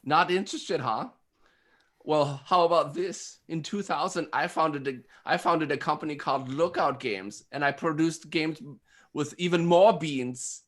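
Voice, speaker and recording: A man's voice: on the high side, a little slow, fairly bright tone. A man voicing a flirty German game designer on a speed date, in a put-on German accent and a coy, teasing manner.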